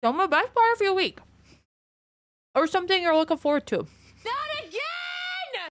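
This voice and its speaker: A woman's voice: extremely high pitch, lively intonation, fast, fairly bright tone. A woman streamer chatting casually with her viewers, a bit out of breath, greeting people by name. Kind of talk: casual chat reading viewer messages.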